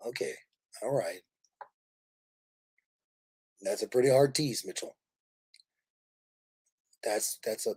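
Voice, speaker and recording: A man from Kansas City, Missouri, hosting a casual livestream, animated and laughing as he rambles through stories. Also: mid-range voice, drawn-out words, long pauses, slightly rough. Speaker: livestream host.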